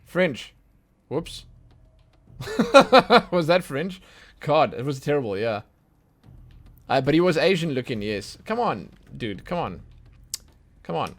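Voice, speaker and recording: A man chatting excitedly and thinking aloud while he streams himself playing a video game. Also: mid-range voice, measured pace, pauses often. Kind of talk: casual let's play commentary.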